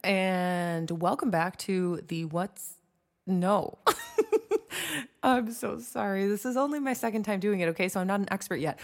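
A young woman hosting her own podcast, chatting casually and self-deprecatingly with lots of fillers and restarts. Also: mid-range voice. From United States. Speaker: podcast host. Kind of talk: casual solo podcast chat.

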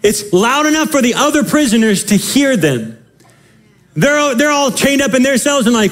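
A male pastor delivering an energetic sermon with a high-pitched voice. He speaks emphatically and drives his points home by repeating phrases, and his pitch leaps up and drops low. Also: moderate pace.

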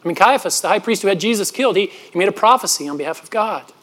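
A man's voice: high voice, expressive, fast talker, a bit bright. A man preaching a sermon, earnest and storytelling, often restarting his words. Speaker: pastor.

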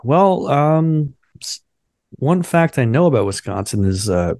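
A man's voice: mid-range voice, big pitch swings, measured pace, a little mellow, dry recording, clean studio sound. A man co-hosting a podcast, musing wryly and sarcastically in casual comedic chat. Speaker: podcast co-host.

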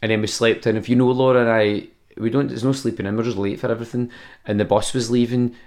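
Gravelly Scottish man telling stories. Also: mid-range voice, quick pace. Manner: animated storyteller, swears freely. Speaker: podcast host. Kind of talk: casual storytelling chat.

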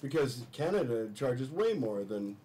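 A man on a talk-show couch, enthusiastic and rambling, stumbling and restarting as he goes. His pitch sits in the middle. A faint hiss of noise runs under his voice. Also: sing-song, a little slow, warm tone, rough recording. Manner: rambling, enthusiastic, repeats words when restarting. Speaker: studio guest. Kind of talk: casual talk-show chat.

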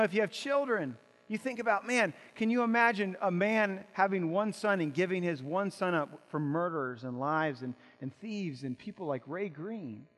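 A man's voice: high voice, a bit bright, big-room sound. A male pastor preaching an impassioned sermon, asking rhetorical questions and repeating words as he builds.

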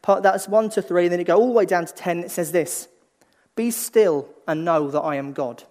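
In a high voice, a man gives a conversational sermon, alternating lively emphasis with slow, hushed lines. He restarts phrases often, as though thinking aloud.

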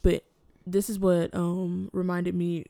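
A relaxed woman podcast co-host talks through the week's news, pausing often to find her words. Her low voice is full of vocal fry, and the sound is dry and close. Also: no room sound. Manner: relaxed, chatty, hesitant with many fillers. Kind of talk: casual podcast chat.

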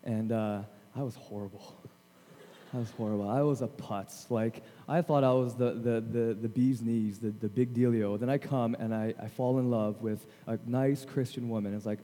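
A man in his thirties, a guest chapel speaker, telling self-deprecating stories in a lively, animated way. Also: mid-range voice, normal speed. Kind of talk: storytelling chapel sermon. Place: large chapel hall. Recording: long hall reverb.

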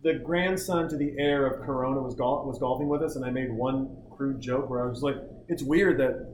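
A man's voice: mid-range voice, a little fast, darkish tone, roomy sound, slight background noise, rough recording. A man hosting a podcast, telling rambling, jokey stories in casual group chat. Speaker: podcast host.

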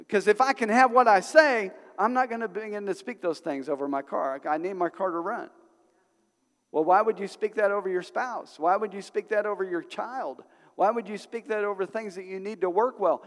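A middle-aged pastor with a high-sitting, slightly bright voice preaches at a moderate pace in a church sanctuary. He tells stories conversationally, then builds to emphatic bursts, and the recording carries the long reverb of a church hall.

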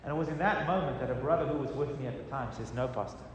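A man's voice: a little high, very fast, slight background noise. Pastor man preaching in an echoey hall. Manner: animated storytelling, rising and falling in volume. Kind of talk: sermon testimony. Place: church hall. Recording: roomy hall reverb, distant mic.

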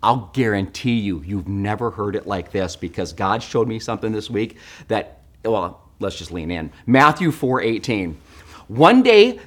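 A man preaching a sermon in church, animated and joking, swinging between loud outbursts and hushed asides. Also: medium pitch. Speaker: pastor.

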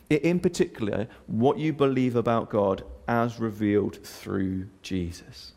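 A pastor preaching and explaining a scripture passage in an earnest way, with frequent fillers and restarts. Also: male voice, medium pitch, unhurried, creaky, few pauses, a little mellow. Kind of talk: sermon.

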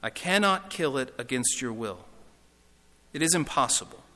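A man voicing a calm, stern male angel who speaks in measured, firm sentences. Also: mid-range voice. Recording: reverberant hall.

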